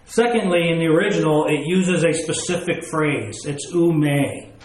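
Male preacher, slightly raised pitch, explaining scripture with homely examples, echoey room. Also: a little slow. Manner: explains with everyday examples and rhetorical questions. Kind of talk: sermon with scripture reading.

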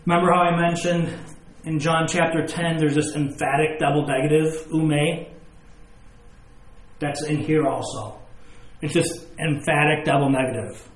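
A man's voice: on the high side, steady tone, unhurried. Emphatic man preaching in an echoey room. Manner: emphatic, repeats key words, stresses points with questions. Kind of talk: sermon.

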